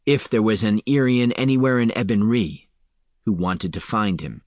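A man narrating a fantasy novel in a steady, even storytelling voice. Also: fairly low pitch, moderate pace, dry recording, clean studio sound. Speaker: audiobook narrator. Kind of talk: scripted narration.

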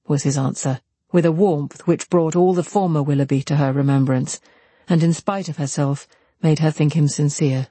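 Mellow, husky male audiobook narrator. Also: a little high, steady tone, moderate pace, dry recording. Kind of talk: scripted narration of a classic novel.

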